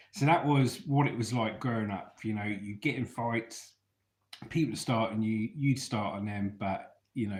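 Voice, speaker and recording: A man from England, telling stories from his youth to an online audience in a chatty way, often checking in with his listeners. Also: lowish voice. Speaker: storyteller vlogger. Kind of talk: casual storytelling to an online audience. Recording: roomy echo.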